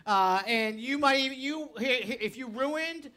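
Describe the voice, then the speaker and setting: A woman pastor preaching a sermon, telling stories with animated energy and rising to shouts. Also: high voice, takes it slowly.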